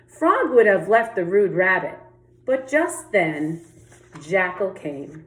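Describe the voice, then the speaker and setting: A woman's voice: mid-range voice, sing-song, slow, a bit bright. A woman teacher reading a children's picture book aloud, giving each animal its own voice and inviting the kids to sing along. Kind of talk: children's read-aloud with sung refrain. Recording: echoey room.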